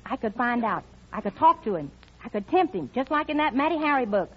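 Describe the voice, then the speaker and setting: A woman's voice: on the high side, expressive, fairly quick, husky. An actress playing a naive, brash young hillbilly girl with a folksy twang in 1940s radio comedy. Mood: eager. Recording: dull old radio recording.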